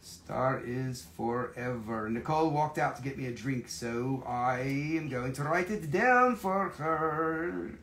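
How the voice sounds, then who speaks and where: A man running a live sales stream, joking, swearing and excitable, while he is losing his voice. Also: medium pitch, slow, slight background noise.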